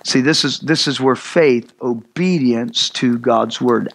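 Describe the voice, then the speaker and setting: A man preaching a sermon as pastor, repeating phrases and building to loud emphatic peaks. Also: mid-range voice, slow pace, creaky, few pauses, rough recording. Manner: repetitive, stammering restarts, rising to loud emphatic peaks; acts out voices of Moses and God in dialogue.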